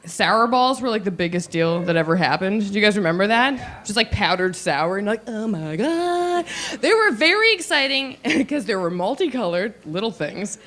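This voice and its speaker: A woman's voice: mid-range voice, very animated, fairly quick, hardly any pauses, fairly bright tone. A woman in her thirties performing a stand-up comedy set, playful and giggly, acting out quotes in silly voices.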